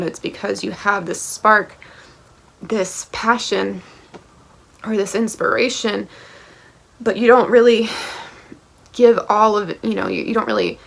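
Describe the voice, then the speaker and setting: Blunt, fiery woman with vocal fry. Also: medium pitch. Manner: blunt, passionate, swears freely, keeps checking in with "okay?" and "right?". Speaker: tarot reader. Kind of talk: pick-a-card tarot reading to camera.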